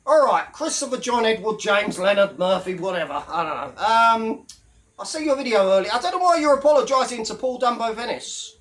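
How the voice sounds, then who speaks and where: A man's voice: high voice, expressive, fairly quick, fairly bright tone. A man talking straight to camera in a casual, mocking rant full of swearing. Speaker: YouTube commentator. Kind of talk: casual ranting monologue.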